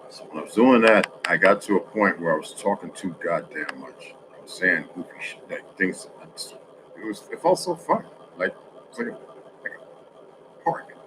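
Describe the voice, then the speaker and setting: A man's voice: sits low, very animated, moderate pace, noisy background. A man in a casual, rambling monologue for social media, telling streetwise stories with lots of cursing. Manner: profane, rambling, streetwise storytelling.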